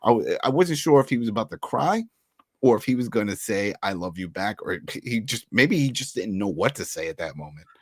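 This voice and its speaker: A man co-hosting a casual TV recap, animated and acting out lines for laughs. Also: fairly low pitch, fairly quick, slightly rough, dry recording, studio quality. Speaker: podcast co-host.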